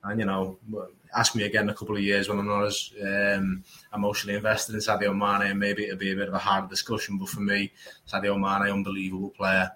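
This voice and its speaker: A man's voice: on the low side, monotone, quick pace, bright, forceful tone, rough recording. A man co-hosting a podcast, chatting casually about football with many fillers and restarts. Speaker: podcast co-host.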